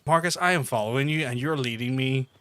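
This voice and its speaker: A man's voice: medium pitch, quick pace, smooth, no room sound. A young man streaming a game, telling stories with free swearing and frequent laughs. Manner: swears freely, laughs often, animated storytelling. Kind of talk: casual livestream commentary.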